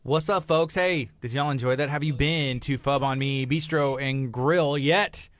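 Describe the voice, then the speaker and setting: A man's voice: medium pitch, measured pace. A man in his thirties co-hosting a morning radio show, chatting casually, telling anecdotes and laughing often.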